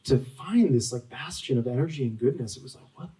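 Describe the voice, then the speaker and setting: A man in his forties tells stories as the guest at a bookstore event. He rambles, with lots of "like" and restarts, in a dark, mellow tone. The mic sits at some distance. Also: medium pitch, lively intonation, a little fast. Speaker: author guest. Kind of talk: storytelling at a live book talk.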